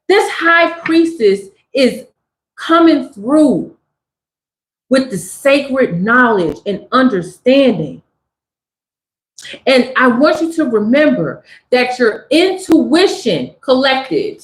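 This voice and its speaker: A woman from Southern California giving a tarot reading, talking straight to her viewers in an animated, affirming manner. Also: sits high, roomy sound, low-quality recording. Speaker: tarot reader.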